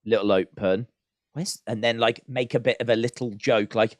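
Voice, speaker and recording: A man co-hosting a podcast in casual chat, talking in an animated, self-mocking way. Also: mid-range voice, normal speed, dry recording. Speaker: podcast co-host.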